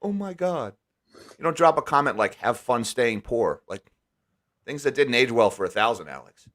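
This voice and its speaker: A man's voice: mid-range voice, sing-song, moderate pace, a bit bright. Candid, emphatic man hosting a live stream. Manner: candid, emphatic, often restarts words. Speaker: host. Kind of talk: casual live-stream chat.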